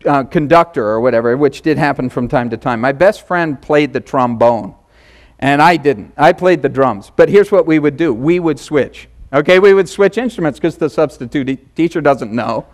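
A man's voice: on the high side, animated, moderate pace. A man preaching a sermon, telling funny stories and acting out sounds and voices as he goes. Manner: jokey storytelling, acts out sounds and voices. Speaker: pastor. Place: church hall.

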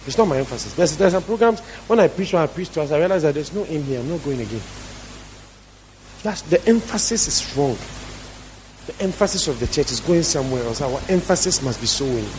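A man's voice: a little high, expressive, brisk, darkish tone, a little hiss or hum, rough recording. A man preaching a sermon as pastor, emphatic and repeating his key phrases for stress.

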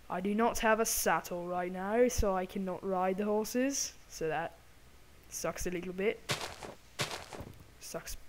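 Woman in a put-on British accent. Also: medium pitch. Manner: exaggerated imitation of a British accent; chatty, apologetic asides to viewers. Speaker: gaming channel host. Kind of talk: gameplay commentary.

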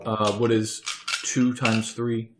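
A man's voice: medium pitch, level tone, slow pace. A young man playing a tabletop game, joking and counting rolls aloud. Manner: jokey, counts out loud. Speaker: player. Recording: echoey room with noise.

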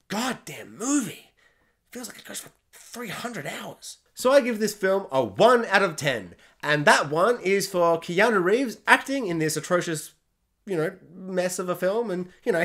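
A man giving a casual, sarcastic spoken film review, exasperated and acting out scenes in silly voices. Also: high-pitched. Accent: Australian.

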